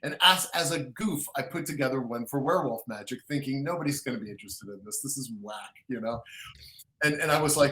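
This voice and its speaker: Guy guest on an interview show, mid pitch, rambly and animated, echoey room. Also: brisk. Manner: animated storyteller, many restarts, acts out quotes loudly. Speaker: guest author. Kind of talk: casual interview talk.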